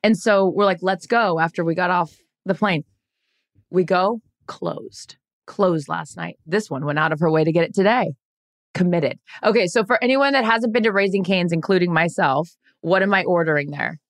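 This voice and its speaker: Animated woman telling stories, dry sound. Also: on the low side, normal speed, dry recording. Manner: animated storyteller, acts out quotes in voices. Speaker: podcast co-host. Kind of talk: casual chat.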